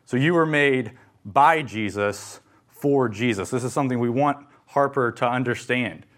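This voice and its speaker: A man's voice: medium pitch, a little slow, a bit bright. A young adult man, a pastor, preaching a sermon in an earnest, emphatic way, with some fillers and restarts.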